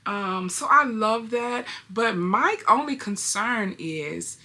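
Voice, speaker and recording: A woman's voice: mid-range voice, sharp tone. A young adult woman hosting a reaction video, chatting casually to her viewers and laughing often.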